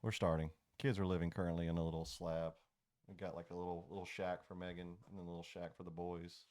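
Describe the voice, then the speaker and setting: Man, 30s, lowish voice, deadpan jokester at the game table. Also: fast talker. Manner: joking, deadpan teasing. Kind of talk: casual chat.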